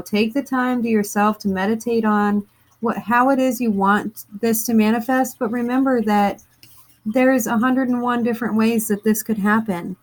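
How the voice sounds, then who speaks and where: Earnest woman giving a gentle card reading. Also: medium pitch, rough recording. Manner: gentle, earnest, with many fillers and self-corrections. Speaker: tarot reader.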